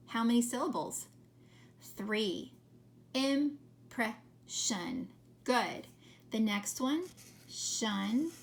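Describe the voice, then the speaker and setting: A woman teacher leading a children's phonics lesson, slowly sounding out words and counting syllables. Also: mid-range voice, gravelly, a bit bright. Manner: slow, carefully sounding out words.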